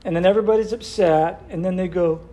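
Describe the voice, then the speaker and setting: Man with a high voice who teaches a church group by firing questions at them. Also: fairly even intonation, fast talker, dark tone. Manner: asks the group questions, repeats answers back. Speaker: Bible study leader. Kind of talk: interactive Bible study teaching.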